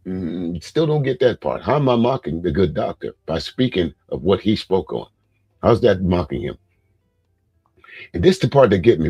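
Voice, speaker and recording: A man's voice: sits low, sing-song, moderate pace, warm tone, breathy edge, dry recording, soft background music. A man hosting a casual live commentary, blunt and profane, stammering as he reads viewer comments aloud. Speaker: host reacting to a speech and viewer comments.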